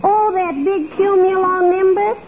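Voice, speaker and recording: A woman's voice: very high-pitched, little pitch movement, a little slow. A curious, chatty little girl. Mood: eager. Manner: eager, questioning, precocious. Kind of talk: 1940s radio comedy acting. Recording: tinny old radio broadcast with faint hiss.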